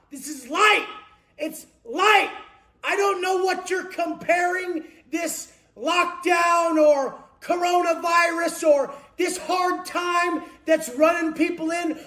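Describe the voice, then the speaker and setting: A man giving a profane, aggressive motivational rant, taunting his listeners and often shouting. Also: very high voice. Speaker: motivational speaker. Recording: echoey room.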